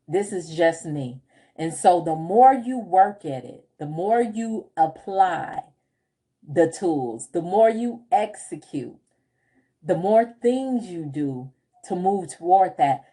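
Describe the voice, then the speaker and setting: A woman coach talks casually to her livestream viewers at an unhurried pace. Her voice is mellow and warm. She tells animated personal stories, laughs often, and reads out comments from the chat. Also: sits low, husky. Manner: chatty, animated storytelling with frequent laughs. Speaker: group home business coach.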